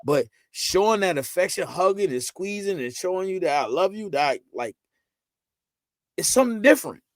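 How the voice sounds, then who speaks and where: A man as a podcast guest, talking about fatherhood in a loose, animated, emphatic way, full of repeats and "you know what I'm saying.". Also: sits high, normal speed, no room sound. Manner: animated, emphatic storytelling with lots of repetition. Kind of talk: casual conversational interview.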